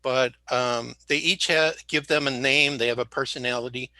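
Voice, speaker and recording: A slightly sick man chatting as a guest in a bright, tense-edged voice. He rambles, tells jokes and backtracks mid-sentence. The sound is dry and close, with no room behind it. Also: mid-range voice, steady tone, moderate pace, few pauses, dry recording. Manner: rambling, jokey, self-correcting. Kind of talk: casual interview talk.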